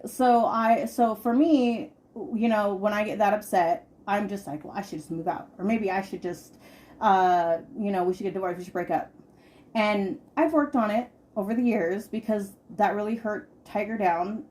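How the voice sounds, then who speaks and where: A woman in her thirties talks candidly and personally, as on a podcast. She stresses her points by repeating words and swearing casually. Her pitch sits in the middle range for a woman. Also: darkish tone. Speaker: podcast host.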